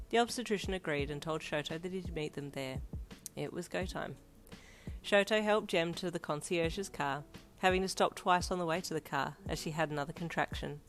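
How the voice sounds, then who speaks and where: Low-voiced woman narrating a story. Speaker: fanfiction narrator. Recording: soft lofi piano behind.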